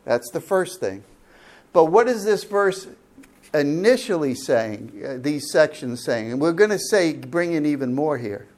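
A man preaching a sermon, asking the congregation questions and explaining Greek words with slow, drawn-out emphasis. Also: fairly high pitch, animated, darkish tone. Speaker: pastor. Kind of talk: sermon Bible teaching.

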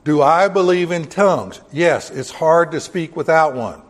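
A man's voice: on the high side, animated, a little slow. A man preaching a sermon in a folksy, joking way, with sudden bursts of emphasis. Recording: long hall reverb.

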